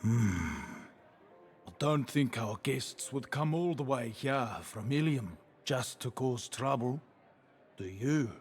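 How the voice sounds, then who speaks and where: A smug, arrogant crime boss in a game, at a middling pitch. He talks down to people in a cool, dismissive way. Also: takes it slowly. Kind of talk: video game voice acting.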